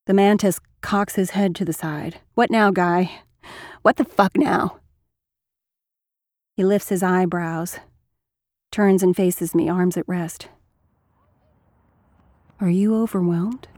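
A woman's voice: medium pitch, a little mellow, no room sound, clean studio sound. A woman narrating a first-person story in a wry, intimate way with flashes of anger.

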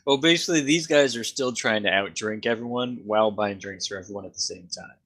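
A man's voice: lowish voice, fairly quick, fairly bright tone. A man narrating as game master for a casual tabletop game, loose and often laughing.

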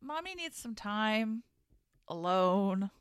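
A woman's voice: mid-range voice, sing-song, slow pace, clear, resonant tone, no room sound. A woman co-hosting a podcast, chatting casually about wrestling with wry, dry asides. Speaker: podcast co-host. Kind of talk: casual chat recapping wrestling.

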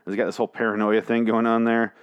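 A man's voice: fairly low pitch, little pitch movement, fast, clean tone, dull audio. A man recapping comic chapters in a casual, rambling, sarcastic monologue, swearing freely and slipping into mock voices. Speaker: comic book reviewer.

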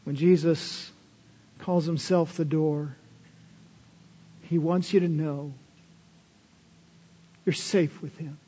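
A man with a high voice preaches slowly, letting each phrase ring out. The sound is dull and carries a long hall reverb. He swings from bold, emphatic lines down to near-whispered asides. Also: steady tone, slightly rough. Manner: swings between loud emphatic declaration and hushed tender asides. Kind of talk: sermon.

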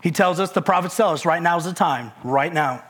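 A man with a high voice preaches a sermon in a casual, conversational way. He presses his points by repeating key phrases again and again. Folksy, humorous asides break up the message. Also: fairly quick, a bit bright. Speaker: pastor.

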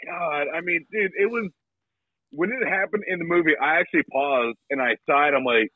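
A man's voice: a little high, normal speed, husky, dry recording, narrow, tinny audio. A man co-hosting a podcast, chatting casually and profanely about a movie, joking and riffing as he goes. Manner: profane, joking, riffs in silly voices. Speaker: podcast co-host. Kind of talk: casual movie-review chat.

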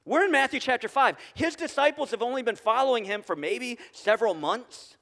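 Male pastor, high voice, conversational sermon with questions to the room, hall reverb. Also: expressive, fairly quick, bright, forceful tone. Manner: conversational, asks the congregation questions. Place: church sanctuary.

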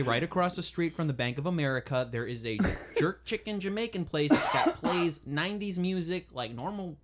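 A man on a casual podcast who cracks deadpan jokes. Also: a little high, normal speed, hardly any pauses, over a noisy crowd. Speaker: podcast co-host. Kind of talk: casual chat.

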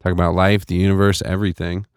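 A man's voice: low-pitched, flat delivery, fast, clear, resonant tone, no room sound, clean studio sound. A man co-hosting a podcast in casual chat, rambling and self-deprecating, laughing a lot. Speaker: podcast co-host. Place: podcast studio.

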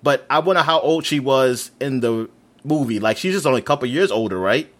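Animated man with lively pitch. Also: a little fast. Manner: animated, swears, laughs often. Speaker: podcast co-host. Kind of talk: casual chat.

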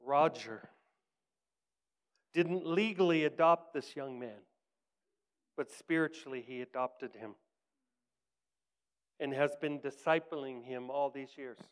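A man preaching by storytelling. His voice is smooth and clear and sits a little high. He talks earnestly and drops to a hush for the quoted words. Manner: earnest, drops to soft hushed tones in quoted lines, rises for emphasis. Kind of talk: sermon storytelling.

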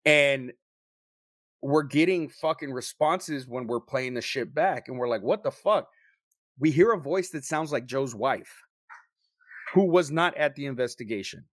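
A young man telling a story to friends in a casual, profane, animated way, acting out what people said. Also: medium pitch, a little slow, dry recording, clean studio sound. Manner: profane, animated storyteller who acts out quotes. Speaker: paranormal investigator telling a story.

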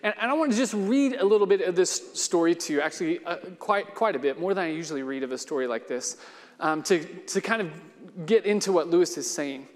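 A man's voice: sits high, animated, brisk. A man addressing a gathering in a casual, conversational way before he reads a short story aloud. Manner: conversational, with fillers and restarts. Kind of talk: casual talk leading into a story reading. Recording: long hall reverb.

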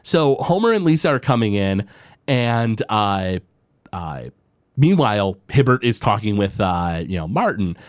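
A podcast co-host with a lowish, sing-song voice speaks unhurriedly in a studio-quality recording without room sound. Casually recapping a cartoon episode, he slips into playful voices as he retells the scenes.

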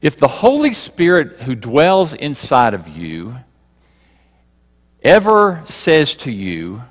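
Male pastor, sermon, slow and expressive, questions the room, reverberant sanctuary. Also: medium pitch. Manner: rhetorical questions to the congregation, swings between loud emphasis and quiet asides.

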